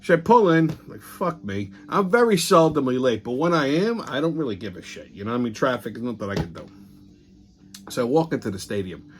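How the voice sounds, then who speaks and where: A man's voice: mid-range voice, big pitch swings, a little fast, slight background noise. A middle-aged man, telling a long, profane story as a host, swearing constantly and acting out what people said. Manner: crude, rambling, swears constantly, acts out quotes.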